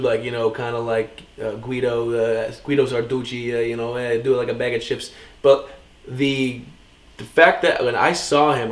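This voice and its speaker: A young man co-hosting a podcast, chatting casually and excitedly about a movie, quick and jokey. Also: medium pitch, reverberant. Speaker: podcast co-host. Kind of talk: casual chat.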